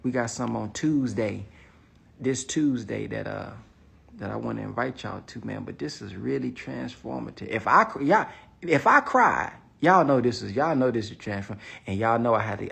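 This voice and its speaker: Gravelly husky man musing aloud. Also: medium pitch, fairly bright tone. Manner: reflective, swings from emphatic to near-whispered. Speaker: online business coach. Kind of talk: casual motivational vlog talk.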